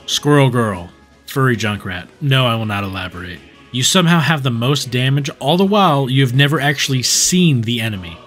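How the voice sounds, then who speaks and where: A man reads a scripted comedy roast in a dry, sarcastic, deadpan manner. His voice sits at a middle pitch. Quiet music plays faintly behind him. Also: moderate pace. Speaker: gaming video creator.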